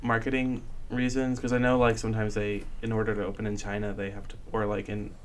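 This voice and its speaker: A man chatting about a movie with friends, quick and assured, trailing into quiet asides. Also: lowish voice, completely flat delivery, a crowd in the background. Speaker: podcast co-host. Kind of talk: casual movie discussion.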